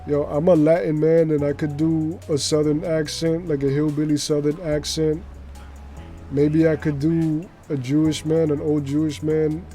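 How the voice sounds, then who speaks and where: A man chats casually as he streams a game, animated and full of fillers. His voice is fairly high for a man but sounds mellow and warm. Soft music sits faintly behind him. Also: measured pace. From New York City. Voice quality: chatty and animated, heavy use of filler words. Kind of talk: casual live-stream commentary.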